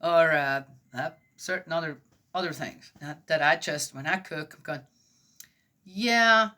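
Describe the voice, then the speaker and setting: A woman's voice: deep voice, steady tone, moderate pace, a bit bright. A middle-aged woman giving a casual, rambling reflection on a Bible passage, often asking "right?" and laughing. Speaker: host of a Bible reflection talk.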